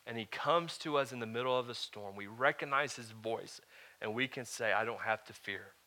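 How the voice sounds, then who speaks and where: A male pastor delivering a sermon in a bright, forceful voice. He swings between loud, emphatic declarations and quieter, earnest teaching, checking in with the congregation as he goes. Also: mid-range voice, moderate pace.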